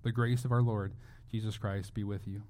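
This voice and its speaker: A man's voice: fairly low pitch, steady tone, normal speed, a little mellow. A man preaching a sermon as pastor, earnest and emphatic, often restarting his phrases.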